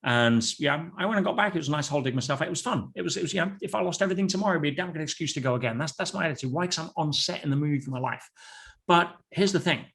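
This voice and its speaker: A man, a podcast guest, telling stories in an animated, anecdotal way with frequent restarts. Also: a little high, rapid-fire, gravelly, breathy edge. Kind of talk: casual storytelling interview.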